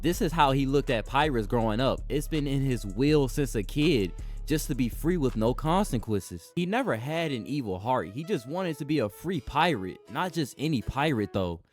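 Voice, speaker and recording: A man's voice: medium pitch, expressive, moderate pace, soft background music. A young man hosting an anime commentary channel, narrating a scripted video essay in a casual, enthusiastic way with slangy asides.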